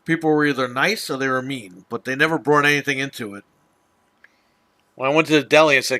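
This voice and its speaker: A man rants casually on his podcast, exasperated and swearing through a long story. His voice sits a little high with a bright, tense edge. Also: fast talker. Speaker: podcast host. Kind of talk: casual ranting chat.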